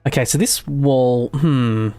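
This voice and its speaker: A man's voice: medium pitch, takes it slowly, dark tone, soft background music. A man from Australia with a mild Australian accent, chatting casually on a game livestream, rambling, laughing easily and trailing off mid-sentence. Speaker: game streamer. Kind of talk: casual live-stream chat while building in a game.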